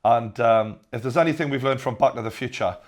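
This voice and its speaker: A young man with a Geordie accent, hosting a comedic news rant with sarcastic, deadpan repeated punchlines. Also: mid-range voice, a little fast. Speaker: host.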